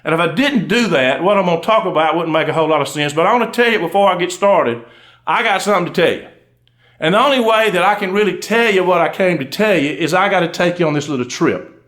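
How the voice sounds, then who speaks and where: Man, Georgia accent, folksy comic storyteller, live audience, slightly high voice. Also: expressive, fast talker, a bit bright. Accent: Southern US, Georgia. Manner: folksy drawl, spins tall tales with asides to the audience. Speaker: undertaker and storyteller. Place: stage before a live audience.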